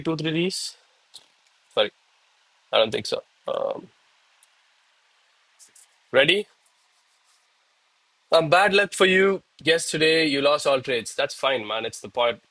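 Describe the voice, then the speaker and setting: A man's voice: medium pitch, a bit bright, no echo, rough recording. A young man chatting casually with viewers on a live trading stream, breathless and hyped between sets of push-ups.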